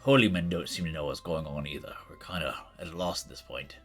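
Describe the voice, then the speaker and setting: A man voicing a gruff, weary half-orc sailor who talks in a halting, apologetic way. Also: extremely low pitch, a bit bright, exaggerated voice. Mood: troubled. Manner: halting, apologetic, worn-down talk. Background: faint background music.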